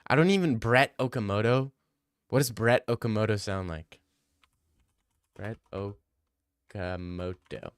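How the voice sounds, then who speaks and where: A man's voice: mid-range voice, expressive, moderate pace, dry recording. Blunt, argumentative man on a livestream. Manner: blunt, argumentative, swears freely. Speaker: livestream host answering chat. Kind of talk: casual livestream Q&A.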